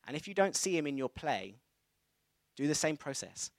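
A man in his thirties preaching a sermon, telling a personal story in a conversational, animated way. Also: a little high, normal speed, gravelly, dry recording. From England.

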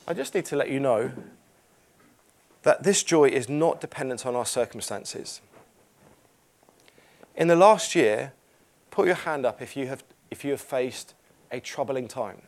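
A man's voice: medium pitch, animated, a little slow, long pauses. A man preaching a sermon in church, earnest and emphatic, repeating phrases and reading scripture aloud.

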